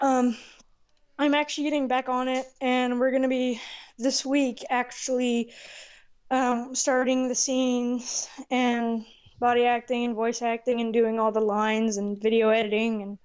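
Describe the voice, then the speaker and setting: A woman's voice: fairly high pitch, steady tone, unhurried, smooth, dull audio. A young woman in her teens, co-hosting a podcast in a casual, rambling way and often correcting herself. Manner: rambling, self-correcting, loses track. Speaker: podcast co-host, machinima maker.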